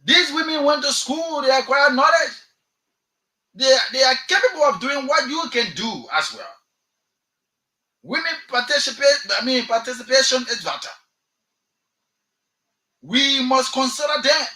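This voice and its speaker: A man's voice: extremely high pitch, expressive, a little slow, pauses often, sharp tone, reverberant, poor audio. A man with a Liberian English accent hosting a radio talk show, delivering impassioned political commentary and firing off repeated rhetorical questions. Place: radio studio.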